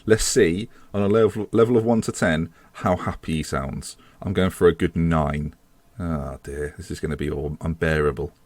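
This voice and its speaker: Deep-voiced man commentating a game. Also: fairly even intonation, moderate pace, a little mellow, dry recording. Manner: chatty, self-mocking, swears when frustrated. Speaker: gaming video host.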